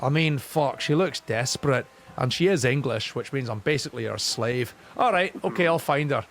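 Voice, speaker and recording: Man voicing meek male diver, hesitant, swears, gravelly. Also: mid-range voice, expressive, moderate pace, soft background music, lightly acted. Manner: hesitant and profane.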